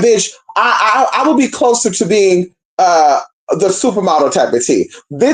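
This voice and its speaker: A brash, profane woman from Northern California telling a gossipy story and talking straight to her viewers. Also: mid-range voice. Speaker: storyteller vlogger. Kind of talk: casual storytime chat.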